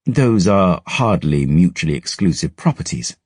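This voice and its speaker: A man voicing a haughty, sharp-tongued young noblewoman who speaks crisply and curses freely. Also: sits low, expressive, normal speed, no room sound, clean studio sound.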